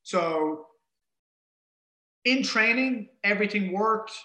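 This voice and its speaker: A man casually telling a story in an animated way, acting out the things people said. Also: high-pitched, slow. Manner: animated, acts out quoted dialogue. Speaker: guest telling an ocean rowing story. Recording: roomy echo.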